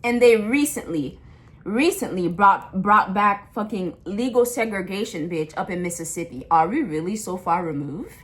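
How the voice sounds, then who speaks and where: A woman's voice: mid-range voice, lively intonation, moderate pace. Impassioned young woman ranting. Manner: blunt, slangy, impassioned, with repetitions and restarts. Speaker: vlogger. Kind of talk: casual ranting monologue.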